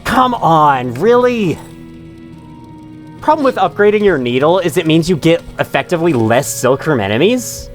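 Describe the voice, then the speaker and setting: A man's voice: on the high side, very animated, normal speed, faint music behind. A man hosting casual let's-play commentary, swearing often and joking through his frustration. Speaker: gaming channel host.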